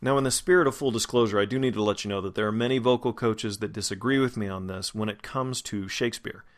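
A man who is a vocal coach, giving a pronunciation lesson and slowly demonstrating single sounds and words. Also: fairly low pitch. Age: adult, past grad school.

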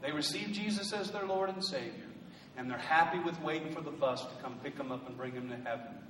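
A male pastor delivers a sermon with a notably high voice, rising into loud, fervent emphasis and slipping in humorous asides. The mic sits some way off, so his words carry a long, roomy echo of a church hall with a faint hum of ambience underneath. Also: fairly quick. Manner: preachy, builds to loud emphatic bursts. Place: church sanctuary. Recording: echoey hall from a distant mic.

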